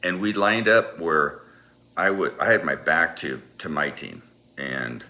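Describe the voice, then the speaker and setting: A man telling a personal story in a rambling, halting, self-deprecating way. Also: extremely low pitch, sharp tone.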